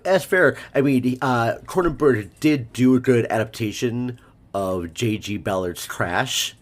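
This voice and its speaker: A man talking casually about a film in a rambling podcast chat, with lively asides. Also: medium pitch, a little slow. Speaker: podcast guest.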